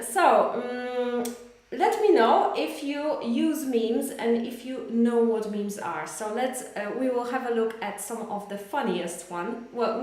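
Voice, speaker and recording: A Polish-accented woman runs a live online English lesson, chatting to viewers and reading out their comments. She speaks slowly and sits a little high in pitch. The room around her is very echoey. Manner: chatty, addresses viewers warmly, reads out comments. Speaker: English teacher.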